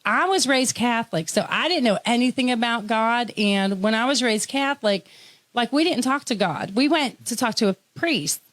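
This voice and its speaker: A woman from Tennessee hosting a casual interview, chatty and quick to laugh. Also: a little high, animated, a bit bright, no echo. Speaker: host.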